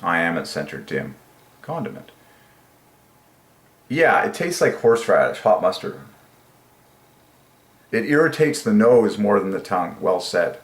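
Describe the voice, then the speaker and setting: A man hosting his own channel, musing aloud in casual solo commentary, enthusiastic and repeating words to himself, sometimes in a sing-song higher voice. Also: sing-song, moderate pace. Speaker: channel host. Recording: echoey room.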